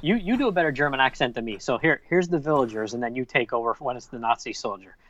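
A man co-hosting a podcast, chatting casually about a comic book, laughing often and adding quick remarks. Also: medium pitch, expressive, a bit bright, muffled recording. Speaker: podcast co-host.

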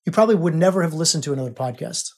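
A man's voice: a little high, lively intonation, racing, darkish tone. A man hosting a podcast as a coach, teaching in an emphatic, repetitive way. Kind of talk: spiritual coaching monologue.

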